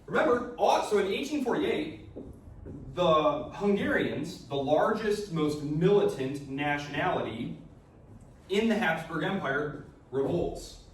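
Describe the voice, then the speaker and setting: A man giving a casual history lecture in a classroom, joking and acting out countries in quick asides. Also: on the high side, lively intonation, slight background noise. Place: lecture hall. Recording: very echoey hall, recorded from a distance.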